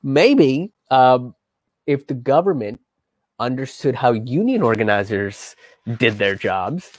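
A man's voice: mid-range voice, expressive, measured pace, dry recording. A man hosting his own show, telling history in a loose, rambling way with lots of fillers and a wry, profane edge. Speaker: comedian and show host. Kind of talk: casual history commentary.

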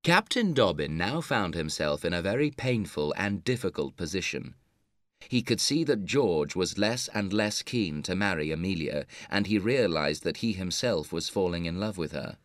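A man narrating a story for English learners in a measured, clear reading. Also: low voice, animated, no room sound, studio quality.

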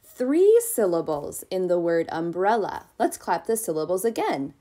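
A woman preschool teacher speaking to young children in a slow, sing-song, encouraging way, stretching out words as she claps them. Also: lowish voice, very animated, warm tone.

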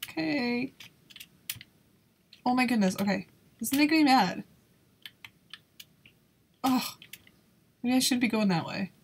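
A woman's voice: a little high, normal speed, pauses often, slight background noise. A woman giving casual gameplay commentary in a nervous, exclaiming way, laughing often. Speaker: YouTuber playing a video game.

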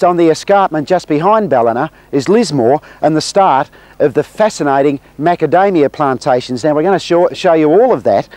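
A man's voice: a little high, darkish tone, no room sound. A man presenting a travel documentary, narrating in an upbeat, promotional tour-guide manner. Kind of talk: scripted documentary narration and on-location interviewing.

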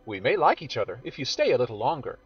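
Guy doing a sassy young woman in a storybook reading, bright and bossy, breathy voice, dry close sound. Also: medium pitch, very animated, no echo. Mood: teasing. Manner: bright and bossy, rapid questioning. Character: frank, teasing young woman, brisk and lively. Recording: dull audio with faint music.

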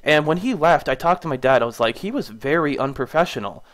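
A man's voice: fairly high pitch, expressive, fast talker. A young man in casual vlog storytelling, recounting a complaint and getting indignant, his voice rising when annoyed. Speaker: gaming YouTuber.

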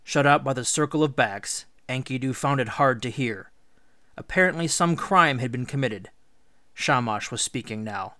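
Man, teacher reading a story aloud, mid pitch, dry close sound, measured and expressive. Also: no echo. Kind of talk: read-aloud storybook narration.

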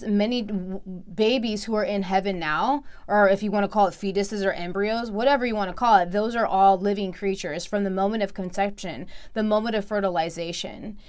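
A woman's voice: mid-range voice, moderate pace, few pauses, clean tone. A woman giving emphatic, preachy commentary in a reaction video, repeating herself for stress.

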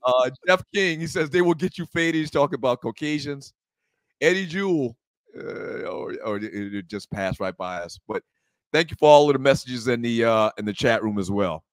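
A man's voice: medium pitch, lively intonation, moderate pace, no echo. A man co-hosting a casual talk show from a bar, joking and reading sponsor promos and chat messages. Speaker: co-host.

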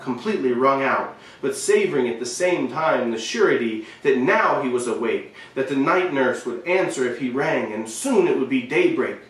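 A man reading a short story aloud, expressive, with shifting emphasis and the occasional slip. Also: mid-range voice, far from the mic. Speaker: reader. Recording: very echoey room, voice away from the mic.

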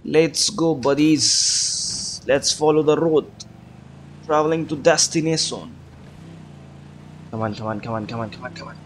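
Slightly high and slightly slow, this male voice pauses often over a faint hiss or hum. He's a gaming video creator giving laid-back commentary on his play, talking to himself, cursing frequently, and faking an accent for laughs.

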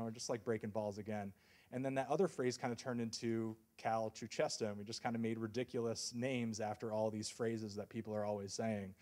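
A young man gives a casual university talk about his work as a music reviewer. He rambles and jokes at his own expense, with plenty of fillers and restarts. His voice sits at an ordinary, mid-range pitch for a man. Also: a little mellow. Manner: rambling and self-deprecating, with many fillers and restarts. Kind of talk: casual lecture.

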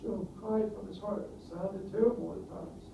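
A man preaching a sermon, earnest, often asking the congregation questions and building to loud emphatic peaks. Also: sits high, fairly even intonation, moderate pace, creaky, noisy background. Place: church hall. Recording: distant roomy mic, dull sound, faint ambience.

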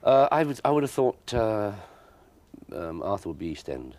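An older actor from South London answers questions as a guest in a 1983 TV studio interview. His very low voice swoops widely up and down at a moderate pace with a slightly mellow quality. He's wry and self-deprecating, pausing and repeating himself as he works through his thoughts.

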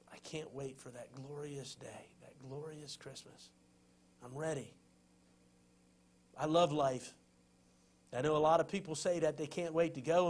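Impassioned preacher man, fairly high voice. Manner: impassioned preaching, swinging between loud urging and hushed tenderness. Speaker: pastor. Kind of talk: sermon.

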